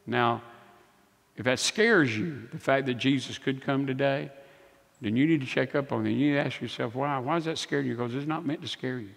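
A man's voice: mid-range voice, a little fast, gravelly, a bit bright. Emphatic preacher man in a reverberant church. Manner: emphatic, calls for amens from the congregation. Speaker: pastor. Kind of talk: sermon. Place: church sanctuary.

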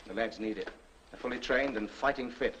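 An actor playing a dutiful middle-aged army sergeant with an English accent, talking in clipped, respectful lines in a 1940s film. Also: male voice, medium pitch, fairly quick, a bit bright, slight background noise, lightly acted, rough recording. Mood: earnest.

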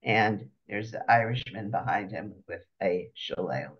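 A man giving an unhurried slide-show lecture, pausing often as he explains each picture. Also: lowish voice, breathy edge, dull audio.

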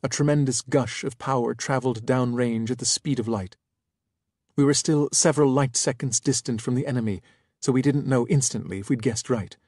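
A man narrating a first-person audiobook in a measured storytelling manner. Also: mid-range voice, a little mellow, no room sound, studio quality.

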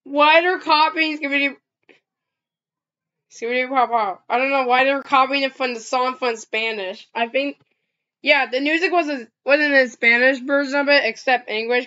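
High bright rambling reaction-video woman. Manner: rambling, halting, frequent restarts. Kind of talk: casual reaction commentary. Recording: dull lo-fi recording.

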